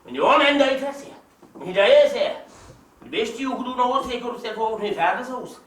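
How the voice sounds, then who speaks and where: A man's voice: very high voice, animated, brisk, fairly bright tone. A man playing a pushy, scheming Irish countryman. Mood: boisterous. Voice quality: teasing, boisterous and pushy. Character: scheming loud-mouthed young Irish countryman. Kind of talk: amateur stage acting. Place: theatre stage. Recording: echoey stage recorded from far off with faint hiss.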